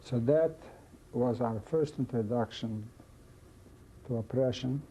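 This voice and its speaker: Gravelly older man giving testimony. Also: mid-range voice, mellow. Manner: halting, repeats phrases, slow reflective storytelling. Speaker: witness telling his life story. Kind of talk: oral history testimony. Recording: dull lo-fi recording, faint hiss.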